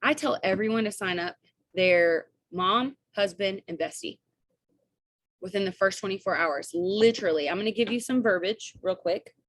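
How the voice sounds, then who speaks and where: A young woman coaching her team on a video call, chatty and upbeat, with quick asides and bits of quoted dialogue. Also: mid-range voice, slight background noise.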